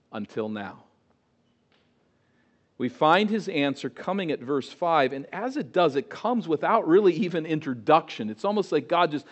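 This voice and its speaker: Preacher guy giving a sermon, kinda high voice, gets loud then hushed, very dramatic. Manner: dramatic, swings from soft asides to loud emphatic quotes.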